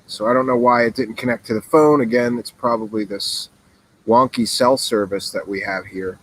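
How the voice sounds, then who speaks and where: A man hosting a call-in show in casual chat, recorded on a laptop outdoors by a fire in the mountains, relaxed and easily amused. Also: mid-range voice, normal speed, poor audio. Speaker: host. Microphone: laptop mic.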